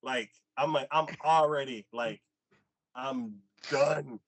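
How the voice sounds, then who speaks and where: Speaking slowly, this man hosts a relaxed anime conversation where he recounts an episode and voices each character with pitch leaps. The sound is dull and lo-fi, with no echo at all.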